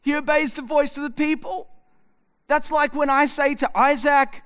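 A man's voice: extremely high pitch, steady tone, moderate pace, a bit bright. A man, preaching a sermon and acting out conversations with his son. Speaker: pastor. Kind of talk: sermon with storytelling.

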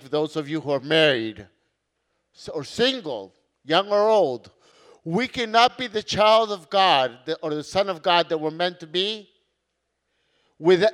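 High-voiced, slow-speaking middle-aged priest. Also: male voice, clean tone. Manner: earnest, slow, with sudden loud emphatic words. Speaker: priest and community founder. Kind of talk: conference talk sermon.

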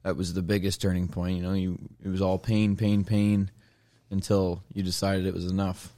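A man's voice: low-pitched, little pitch movement, normal speed, mellow, no room sound. A man hosting a casual interview chat, asking long hesitant questions. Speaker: podcast host.

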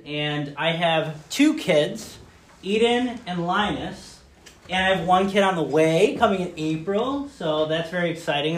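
A man in his thirties giving a playful church talk, telling stories with lots of fillers and bursting into loud, excited acted asides. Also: a little high, slight background noise. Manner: chatty, many fillers like "um" and "like". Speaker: speaker giving a children's message. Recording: roomy echo.

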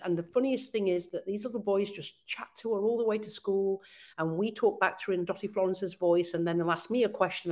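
A woman chatting as a podcast guest. She is enthusiastic and laughs easily, with a somewhat low pitch for a woman. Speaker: interview guest. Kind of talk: casual conversational interview.

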